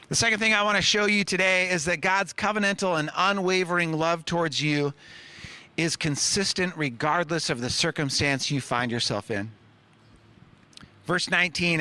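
Earnest bright-voiced male preacher. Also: a little high, moderate pace, no room sound. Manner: earnest preaching, dropping soft on key words and rising on questions. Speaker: pastor. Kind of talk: sermon.

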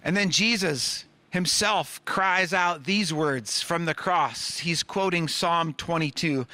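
A man preaching a sermon as pastor, earnest, dropping soft on key words and rising on questions. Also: on the high side, takes it slowly, few pauses, dry recording.

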